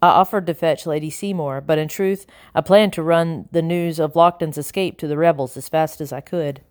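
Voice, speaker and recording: A woman reading an audiobook in a measured, expressive narrating style. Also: sits low, no room sound. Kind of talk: scripted narration.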